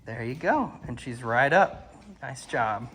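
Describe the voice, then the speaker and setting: Calm man coaching a dog owner. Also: mid-range voice, slow, a little hiss or hum. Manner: calm instructive, frequent praise. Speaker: dog trainer. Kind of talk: hands-on coaching. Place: outdoors at a house doorway and yard.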